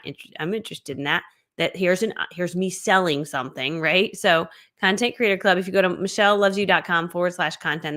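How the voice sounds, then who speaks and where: A woman hosting a live-streamed online business training, talking in an energetic, amped-up, chatty way and laughing often. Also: fairly low pitch.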